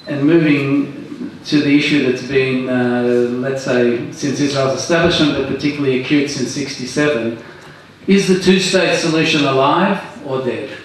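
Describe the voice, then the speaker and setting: A man moderating a public conversation, asking his question haltingly with fillers and pauses. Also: medium pitch. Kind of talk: posing an on-stage question. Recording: echoey hall from far off, faint noise.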